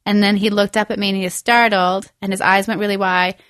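A woman's voice: mid-range voice, flat delivery, fast talker, fairly bright tone, clean tone, dry recording, clean studio sound. Chatty woman telling a funny story. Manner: storytelling, self-deprecating, laughs often. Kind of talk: comedic casual chat.

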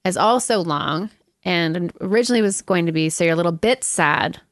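A woman's voice: fairly low pitch, expressive, fairly quick, no echo, clean studio sound. A woman co-hosting a podcast, chatting casually in a wry, self-deprecating way while plugging her projects. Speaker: podcast co-host and author. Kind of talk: casual chat.

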